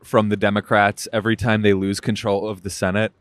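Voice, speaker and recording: A man's voice: lowish voice, little pitch movement, brisk, no echo. A man co-hosting a podcast, joking sarcastically and laughing often in casual talk. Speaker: podcast co-host. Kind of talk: casual political chat.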